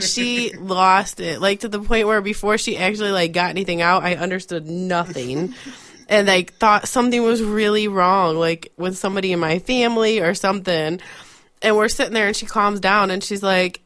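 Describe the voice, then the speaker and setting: A woman's voice: mid-range voice, moderate pace. A woman co-hosting a podcast, chatting casually and telling stories with lots of "like". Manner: animated storyteller, heavy on "like". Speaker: podcast co-host. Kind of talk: casual chat.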